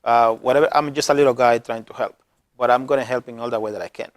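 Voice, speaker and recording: A man with a non-native accent hosting a community TV program as a health worker, earnest and emotional, halting often to restart his words. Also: medium pitch, steady tone, dry recording. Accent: non-native English accent.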